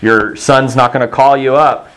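A man's voice: mid-range voice, steady tone, normal speed, a bit bright. A middle-aged man from Texas preaching a sermon in a conversational, storytelling way, acting out the voices he quotes.

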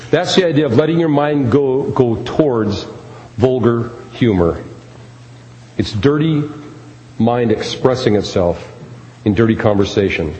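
A man's voice: medium pitch, darkish tone. A man preaching a sermon as pastor, speaking emphatically and repeating key phrases. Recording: echoey hall with faint ambience.

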